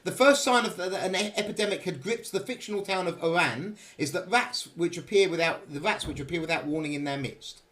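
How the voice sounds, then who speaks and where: Fast-talking man hosting a podcast. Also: sits high, fairly bright tone. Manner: teasing, reads out news items. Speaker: podcast host. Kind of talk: casual panel chat.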